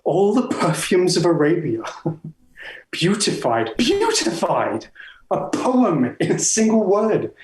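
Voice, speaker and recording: A playful poet who savours every phrase, played by a man, in lively Elizabethan stage speech. His voice leaps up and down and stays slightly high. The room around him is echoey. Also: slow pace, full character voice. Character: playful male poet, charmed by words.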